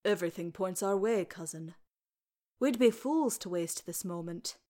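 A woman's voice: lowish voice, normal speed, mellow, close to an everyday voice. A woman voicing a kindly, stubborn old deaf male dwarf healer with homely, folksy speech.

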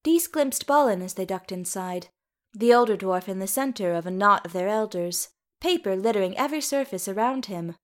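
A woman reading a story aloud in a steady, even narration. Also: mid-range voice, normal speed.

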